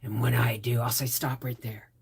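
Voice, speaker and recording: A woman putting on the voice of a threatening man, hushed and slow. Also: very deep voice, flat delivery, vocal fry, husky, pitched below the performer's own voice, heavily acted. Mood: menacing. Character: menacing low-voiced man, whispered threats.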